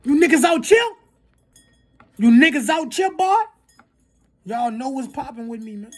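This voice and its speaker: A high-pitched speaker on a heated, profanity-laced rant to camera. The voice jumps from near-shouts down to low mutters, stops for apologetic asides, and keeps tagging lines with "you heard me". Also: animated, unhurried. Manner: profane, fired up, swings between shouting and muttering; repeats tags like "you heard me" and "you feel me". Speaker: video creator. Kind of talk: heated spoken rant to viewers.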